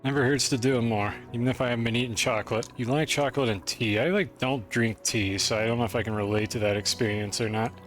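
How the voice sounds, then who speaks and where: A man's voice: mid-range voice, fairly even intonation, fast talker, few pauses, soft background music. A man streaming a game, chatting casually with his viewers in a rambling, self-deprecating way. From United States. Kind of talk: casual live-stream chat while playing.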